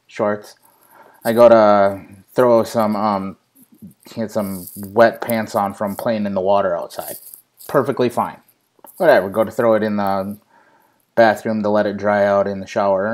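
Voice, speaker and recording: Man, young adult, live show host, casual storytelling, profane, laughs often. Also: medium pitch.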